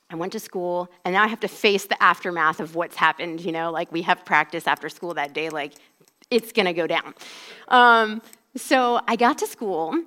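A woman's voice: lowish voice, bright, forceful tone. A woman in her forties telling a personal faith story in a casual, conversational way, filling her speech with "like.". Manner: conversational, heavy use of "like". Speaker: speaker giving a personal testimony.

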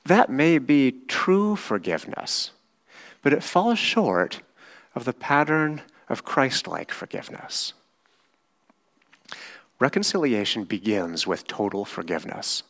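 A man preaching a sermon, teaching slowly and often checking in with his listeners with a quick "right?". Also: medium pitch, sing-song, a bit bright. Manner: slow, measured teaching with frequent "right?" checks. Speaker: pastor.

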